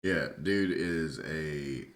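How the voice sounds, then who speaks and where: A man's voice: rumbling low, extremely slow. A tipsy man co-hosting a podcast, chatting casually in a rambling, laid-back way and swearing freely. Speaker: podcast co-host. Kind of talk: casual chat. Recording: roomy echo.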